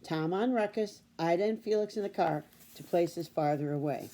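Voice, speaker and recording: A woman reading a children's chapter book aloud in a steady storytelling manner. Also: on the low side, normal speed, hardly any pauses, a little hiss or hum. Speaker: storybook reader.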